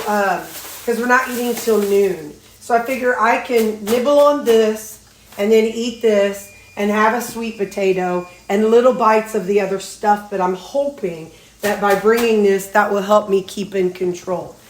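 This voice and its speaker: A talkative woman chats casually while cooking at home. Her voice sits at a middle pitch and carries a roomy echo off the kitchen walls. Faint sizzling runs underneath. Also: a little slow, far from the mic, slight background noise. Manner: chatty, folksy, talks while cooking. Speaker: weight-loss vlogger.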